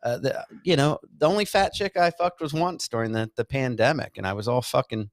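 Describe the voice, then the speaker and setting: A middle-aged man co-hosting a podcast, telling a crude story in a halting way, full of fillers and restarts. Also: medium pitch, no echo, studio quality. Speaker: podcast co-host. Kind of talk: crude casual chat.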